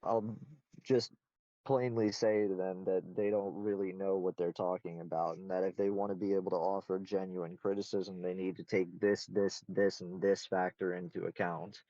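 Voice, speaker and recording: A man's voice: deep voice, little pitch movement, moderate pace, mellow, no echo, lo-fi sound. A man answering interview questions in casual conversation, candid, blunt and self-assured.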